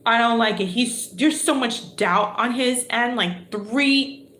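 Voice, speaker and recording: A woman's voice: fairly high pitch, slow, fairly bright tone, echoey room. A woman giving a live tarot reading, chatty and exclamatory, thinking aloud as she draws cards. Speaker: tarot reader.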